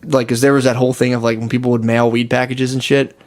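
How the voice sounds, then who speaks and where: A man's voice: medium pitch, flat delivery, fast talker, darkish tone. A man telling a profane anecdote in casual podcast chat.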